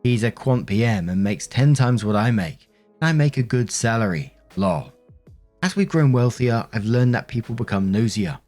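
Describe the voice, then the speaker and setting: A man's voice: mid-range voice, lively intonation, moderate pace, darkish tone. A man reading online stories aloud and adding his own reflective, conversational commentary with frequent fillers. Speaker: narrator and commentator. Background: faint background music.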